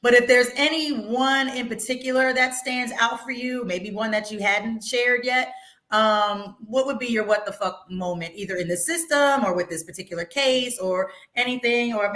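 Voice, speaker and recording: A woman's voice: fairly high pitch, moderate pace, fairly bright tone, echoey room. A woman hosting a casual talk show, outspoken, swearing freely and laughing often. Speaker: podcast host. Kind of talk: casual chat.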